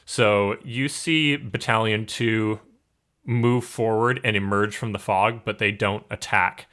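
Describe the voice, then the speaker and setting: A young man narrating as game master, describing scenes in a relaxed way with many fillers. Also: fairly low pitch, slow, clean tone.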